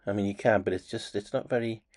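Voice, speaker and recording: A man's voice: lowish voice, fairly even intonation, fast talker, a little mellow. A man casually narrating his own watch-building hobby, chatty and self-deprecating.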